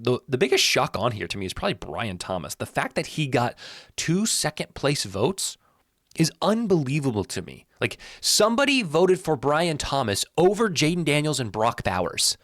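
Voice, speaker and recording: Man doing blunt casual sports commentary, animated delivery, dry close sound. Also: medium pitch, dry recording. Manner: blunt, animated, restarts and repeats words when worked up. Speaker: sports video host.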